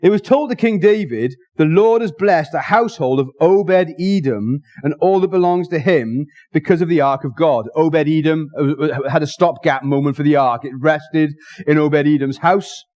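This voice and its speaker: A male preacher with a slightly high voice, talking fast and with real excitement. He is jokey and casual, often rushing and restarting his sentences as he preaches to a church. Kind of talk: sermon.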